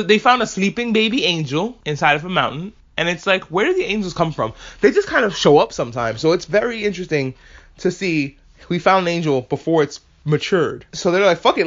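Animated, foul-mouthed man recapping an anime. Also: fairly high pitch. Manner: casual, profane, animated asides. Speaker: podcast host. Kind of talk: casual episode recap. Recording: muffled lo-fi audio.

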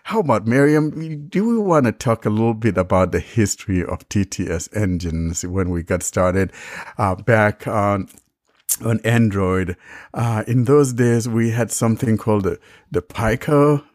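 A man hosting a relaxed, chatty tech discussion and demonstrating speech settings. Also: fairly low pitch, unhurried, no room sound, clean studio sound. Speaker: podcast host demonstrating software. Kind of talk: casual tech chat.

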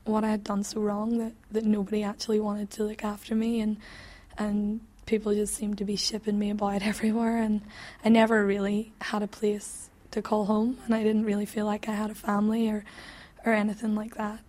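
Hesitant young woman, flat delivery. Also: mid-range voice, brisk. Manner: hesitant, reflective, with many restarts. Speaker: interviewee. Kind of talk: personal testimony.

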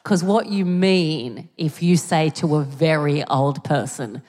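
A woman with an Australian accent performing a stand-up comedy set, telling stories with animated delivery and sudden shouted punchlines, recorded live on a theatre stage. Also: deep voice, takes it slowly, hardly any pauses. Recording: live theatre with long hall reverb.

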